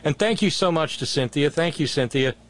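A male talk radio host with an easygoing, wry delivery. He moves between the callers, listener notes and thank-yous in a relaxed, conversational way. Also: on the high side, fairly quick.

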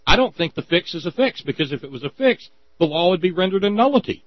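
A man's voice: high voice, very animated, dry recording, muffled recording. A man hosting a political radio talk show, sardonic and colorful in his speech. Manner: sardonic, colorful, quick-witted.

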